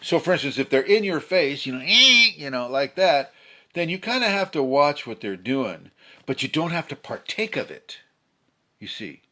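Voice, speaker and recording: A man giving a casual spiritual talk, slightly hoarse, who acts out angry people with sudden shouts. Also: a little high, sing-song, normal speed. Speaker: spiritual teacher. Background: a pet bird fluttering.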